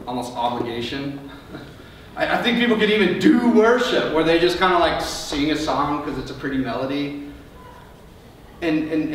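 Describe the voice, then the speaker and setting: A man's voice: on the high side, slight background noise. A male pastor preaching an earnest sermon, often repeating words as he restarts a phrase. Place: church sanctuary. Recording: echoey church sound from far off.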